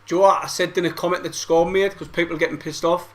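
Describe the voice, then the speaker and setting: A man's voice: fairly high pitch, steady tone, rapid-fire. A young man reacting to a football match live, frustrated and swearing, full of banter. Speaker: football fan streamer. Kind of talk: live match watch-along commentary.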